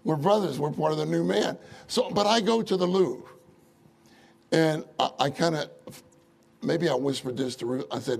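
A man preaching a sermon in an animated way, often asking the audience rhetorical questions and chuckling through his stories. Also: on the high side, moderate pace, gravelly. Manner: chuckles often while telling anecdotes.

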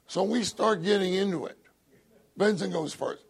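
An older man with a husky, gravelly voice, telling a humorous story in a sermon and laughing often. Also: high-pitched, moderate pace. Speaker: church speaker.

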